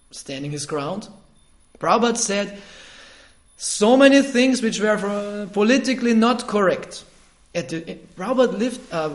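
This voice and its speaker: A man giving an informal scripture lecture, talking conversationally, chuckling often, pausing to correct himself, and moving between quiet asides and emphatic bursts. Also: high voice. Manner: frequent hesitations and self-corrections.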